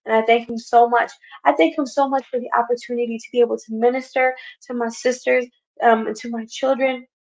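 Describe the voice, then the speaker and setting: Earnest woman with a gravelly voice. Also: fairly high pitch, flat delivery, fairly quick, darkish tone. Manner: earnest, repeats her phrases. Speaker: Bible study host. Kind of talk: earnest Bible study teaching. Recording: dull lo-fi recording.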